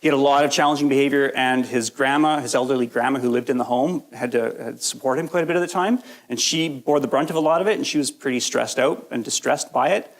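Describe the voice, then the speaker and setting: A man's voice: mid-range voice, quick pace, few pauses. A man giving a live training lecture to a workshop audience, getting over a cold, talking in a conversational, jokey way and often checking in with "right?". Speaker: workshop presenter.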